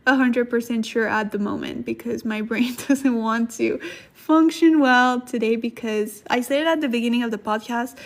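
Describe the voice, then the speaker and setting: A woman who is sick, giving a casual livestream language lesson, thinking aloud, clearing her throat and laughing at herself as she looks things up. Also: fairly high pitch. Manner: slow careful explanations. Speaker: Korean language teacher on a livestream.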